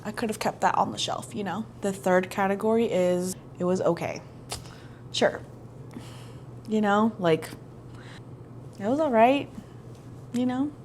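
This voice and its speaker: A woman's voice: mid-range voice, a little slow, long pauses, darkish tone, a little hiss or hum. A young woman talking casually and playfully to her viewers as a book vlogger, with bursts of enthusiasm. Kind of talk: casual chat.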